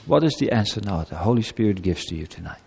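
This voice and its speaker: A male pastor preaching an earnest sermon to children and a congregation. He swings between loud emphatic lines and soft, low asides. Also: lively intonation, fast talker, gravelly, breathy edge. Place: church. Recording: long hall reverb.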